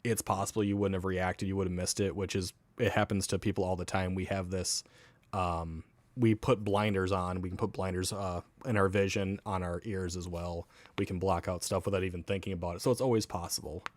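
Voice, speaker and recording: A man with a low voice talks casually on a podcast, loose and chatty, dropping swear words as he goes. The sound is close and dry, with no room around it. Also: fairly even intonation, fairly quick, no echo. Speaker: co-host.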